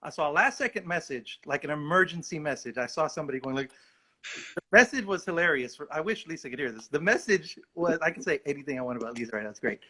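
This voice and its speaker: Guy actor spinning a loose funny story on a livestream, kinda high bright voice, animated and self-mocking. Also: quick pace. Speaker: actor guest.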